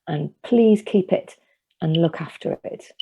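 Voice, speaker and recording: A woman voicing a tender, giving old woman in a told story, speaking gently and from the heart. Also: on the low side, measured pace, vocal fry, phone-quality sound, a little hiss or hum.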